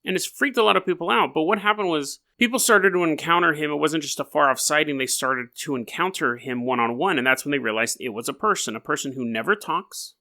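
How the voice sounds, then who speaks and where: A man's voice: fairly high pitch, fast talker, hardly any pauses, pushed and bright. A young adult man hosting a podcast, telling a story casually with rambling, jokey asides. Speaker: podcast host.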